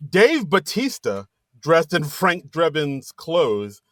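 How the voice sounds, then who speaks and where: A man with a slightly high voice recaps a movie for a podcast in casual chat. He retells scenes with animated energy and now and then jumps into other people's lines. The recording is close and dry, with no room echo. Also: takes it slowly. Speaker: podcast co-host.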